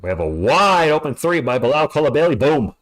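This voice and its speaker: Man, fan play-by-play, livestream, animated pitch, ranting asides. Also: a little fast. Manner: chatty, ranting asides between plays. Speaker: play-by-play commentator. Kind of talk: live fan play-by-play commentary.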